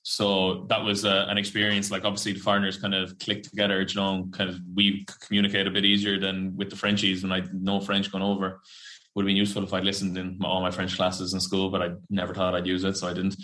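Here the same kind of speaker, a young Irishman who plays rugby professionally, chats on a laid-back podcast with a low voice and a totally flat delivery. He talks fast in a sharp tone, rambling through fillers and slang and swearing without hesitation.

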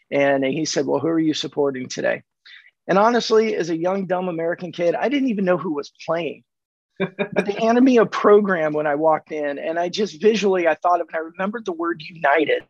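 Man, gravelly, slightly high voice, dull dry lo-fi sound, animated storyteller. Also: no echo. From California. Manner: animated, acts out dialogue in anecdotes. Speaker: podcast guest, sales coach. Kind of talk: conversational storytelling.

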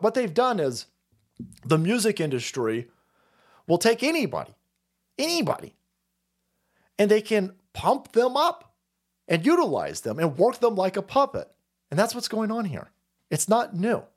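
A man from the San Francisco Bay Area ranting profanely as a streamer, mocking and swinging between muttering and yelling. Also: high-pitched. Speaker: streamer and political commentator. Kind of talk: profane political rant.

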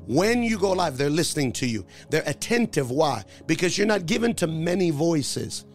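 A man's voice: on the high side, sing-song, moderate pace, faint music behind. A man preaching a sermon as a pastor, emphatic, asking the congregation questions and answering them himself. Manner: emphatic call-and-response preaching.

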